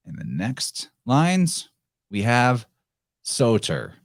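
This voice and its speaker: A man hosting a podcast, reading old prophetic verse aloud in a slow, solemn way and explaining it. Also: fairly low pitch, sing-song, dry recording, studio quality. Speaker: podcast host.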